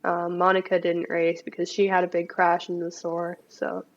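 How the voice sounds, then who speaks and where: A young woman, a bike racer, chatting in a relaxed interview with lots of likes and ums over dull remote call audio. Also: fairly low pitch, moderate pace. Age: young adult. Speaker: mountain bike racer, guest. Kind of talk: casual interview chat.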